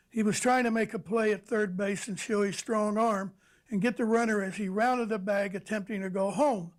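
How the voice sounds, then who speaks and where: An older former ballplayer telling an anecdote in an interview, unhurried and storytelling. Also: male voice, high-pitched.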